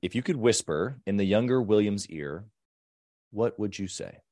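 A man hosting a podcast interview speaks at normal speed in a fairly low, dark voice with lively intonation. The recording is dry and studio quality, and he chats conversationally, often affirming and agreeing with his guest.

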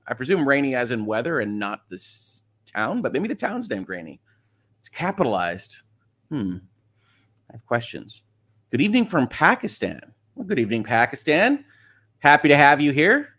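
A slightly bright, mid-range voice belongs to a middle-aged Michigan man hosting a laid-back morning livestream. He reads out viewer comments and discusses them with frequent laughs.

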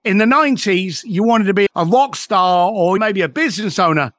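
Man, middle-aged, high lively voice, dry close sound, emphatic, profane. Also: normal speed, dry recording. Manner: animated, emphatic, swears freely. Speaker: podcast guest. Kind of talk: motivational storytelling.

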